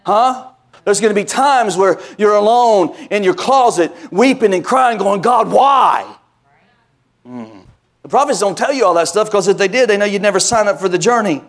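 A man's voice: high voice, brisk. A male pastor preaching a sermon, speaking to his congregation and calling for responses. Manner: preaching with call-and-response asides.

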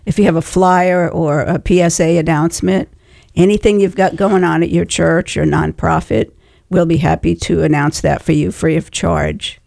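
A man's voice: a little high, level tone, moderate pace, creaky, a little mellow, dry recording. A man co-hosting a radio show, explaining station services plainly with some fillers. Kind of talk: casual radio chat.

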